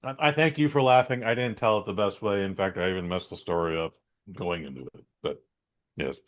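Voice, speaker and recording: A man co-hosting a podcast in casual chat, rambling through stories and correcting himself as he goes. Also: fairly quick. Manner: rambling storyteller, self-correcting, does squeaky voices for quotes. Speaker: podcast co-host.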